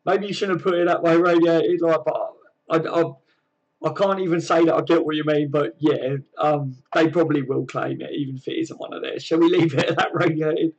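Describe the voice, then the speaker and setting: A man chats casually on his home livestream, reading comments aloud and greeting viewers. His voice sits a little higher than most men's, friendly and loose. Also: husky, muffled recording. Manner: chatty, friendly, lots of fillers and "mate". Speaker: livestream host.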